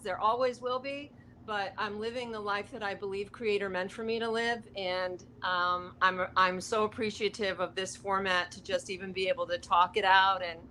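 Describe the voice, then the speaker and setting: A woman's voice: medium pitch, bright, forceful tone, a little hiss or hum. A woman speaking as a wellness guest on a talk show, passionate and heartfelt in an earnest motivational way.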